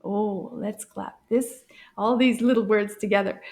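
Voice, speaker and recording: A woman teaching children a beginner French lesson, cheerful and encouraging, repeating words slowly and clearly, with occasional hushed whispers. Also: medium pitch, fairly even intonation, background noise. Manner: drops into hushed whispers for surprises.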